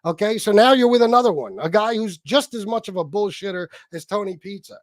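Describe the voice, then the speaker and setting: A man hosting a live stream, reading the chat aloud and giving shout-outs, swearing heavily in a combative, angry way. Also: high voice, lively intonation, brisk, dry recording, studio quality. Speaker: livestream host reading chat.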